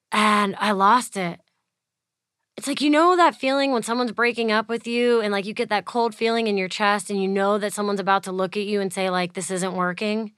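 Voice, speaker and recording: Bright-voiced woman telling her story. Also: mid-range voice, moderate pace, dry recording, clean studio sound. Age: 30s. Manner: chatty, acts out quoted dialogue, heavy use of "like". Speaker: interviewee. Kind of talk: casual storytelling.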